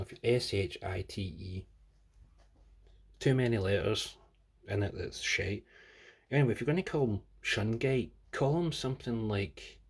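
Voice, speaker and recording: Scottish man, lowish pitch, husky, casual sweary ramble. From Scotland. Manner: profane, ranting, sweary. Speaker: comic book reviewer.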